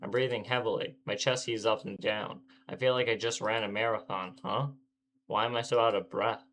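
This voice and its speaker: A man's voice: lowish voice, steady tone, normal speed, fairly bright tone, lightly acted. A man voicing an irritable teenage boy protagonist, reading his brooding first-person lines aloud from a visual novel. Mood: confused.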